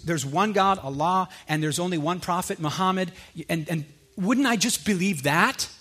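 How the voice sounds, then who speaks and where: A man with a high-pitched voice tells his own story in a testimony-style talk. He speaks earnestly, rising with energy and then sinking low and quiet to drive a point home. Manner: earnest, animated, drops low and quiet for emphasis.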